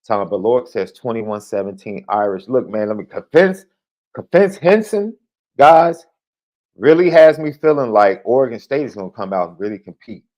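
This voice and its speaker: Animated man hosting a live sports show. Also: brisk, few pauses. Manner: animated, excitable, jumps in pitch. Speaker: podcast host. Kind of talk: live show chat reading viewer predictions.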